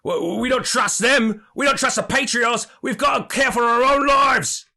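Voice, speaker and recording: A man voicing a gruff, distrustful man shouting from a mob. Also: very high voice, moderate pace, voice pushed up, full character voice. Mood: defiant.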